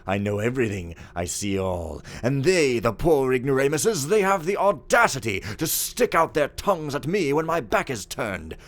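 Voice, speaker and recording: A man's voice: mid-range voice, big pitch swings, normal speed, few pauses, fairly bright tone, pitched above the performer's own voice. A man doing a haughty, scornful steward. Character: pompous, spiteful middle-aged male steward. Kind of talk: reading a game journal aloud in character.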